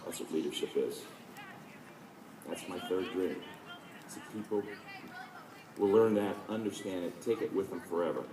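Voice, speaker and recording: A man in his late fifties giving a storytelling speech at a dedication, lively and self-deprecating, acting out the people he quotes. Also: low voice, moderate pace, long pauses, background noise. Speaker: speaker at a dedication. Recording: roomy, distant mic, faint ambience.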